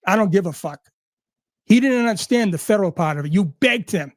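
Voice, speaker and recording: A man's voice: high-pitched, expressive, fast talker, no room sound, clean studio sound. A man ranting angrily and sarcastically, swearing at almost every turn. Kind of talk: profane rant.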